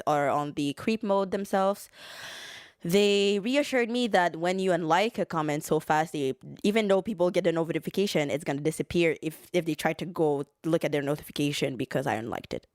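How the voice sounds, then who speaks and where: A woman's voice: fairly low pitch, moderate pace, clear, resonant tone, dry recording, studio quality. A woman hosting a podcast, telling a story in a rambling, profane, casual way. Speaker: podcast host. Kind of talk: casual chat.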